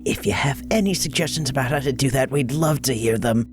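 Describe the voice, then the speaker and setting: A man's voice: mid-range voice, a little fast, over music. A man playing a tabletop game who talks casually and persuasively, trying to talk a character around. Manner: persuasive, easygoing. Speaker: player.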